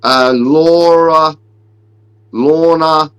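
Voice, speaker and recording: A man's voice: on the high side, steady tone, drawn-out words, fairly bright tone, clear, resonant tone, muffled recording. A man, co-hosting a casual podcast and joking through brash, swearing rants. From Australia. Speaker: podcast co-host.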